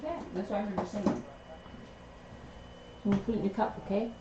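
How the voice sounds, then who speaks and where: A woman's voice: medium pitch, fast talker, reverberant. A woman talking in sing-song baby talk to her pet bird on a live stream. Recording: dull lo-fi with steady noise.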